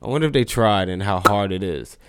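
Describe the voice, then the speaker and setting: A man's voice: fairly low pitch, a little fast, background noise. A young man from New Jersey co-hosting a podcast, talking loose and profane, with lots of "like" and restarts. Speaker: podcast co-host. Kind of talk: casual podcast chat.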